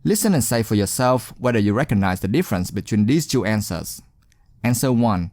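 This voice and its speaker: A male teacher narrates a speaking lesson with an animated, rising and falling voice. He sounds encouraging and deliberate and leans on key words. His voice is close and dry, with no room around it. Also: on the low side, no echo. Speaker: English exam teacher. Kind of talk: scripted instructional narration.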